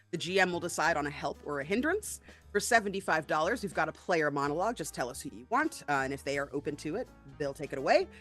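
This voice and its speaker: A woman hosting a charity game stream, chatty and excitable, with many ums. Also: mid-range voice. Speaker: stream host.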